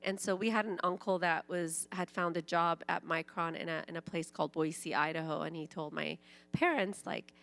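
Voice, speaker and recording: A woman in her forties, born in Iran with Farsi as her first language, shares her personal testimony at a church. Her voice sits on the low side, and she tells the story in an animated way, acting out the people she quotes. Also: moderate pace, vocal fry. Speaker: church speaker.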